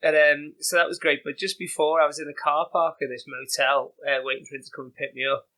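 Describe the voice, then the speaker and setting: British man, somewhat high voice, bright tone, rambling casual storytelling. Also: fairly even intonation, fast talker, low-quality recording. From Britain. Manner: rambling, many fillers and restarts. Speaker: ultra-distance runner, podcast guest.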